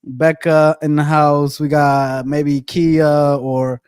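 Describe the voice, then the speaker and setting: A man's voice: fairly high pitch, flat delivery, slow pace, darkish tone, clean tone, dry recording, studio quality. A man hosting a podcast in a casual, joking, slang-heavy way. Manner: laid-back, joking, slangy. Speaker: podcast host. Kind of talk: casual chat.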